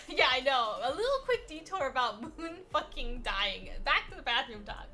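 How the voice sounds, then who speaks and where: Very high-voiced woman telling a comic story. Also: normal speed, faint music behind. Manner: animated, swearing, swings from mumbling to loud. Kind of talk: casual comedic storytime voice-over.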